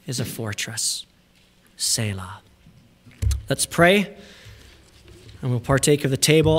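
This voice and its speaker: A man pastor preaching a sermon in a church, emphatic, sometimes dropping to hushed asides and repeating words for emphasis. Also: on the high side. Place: church sanctuary.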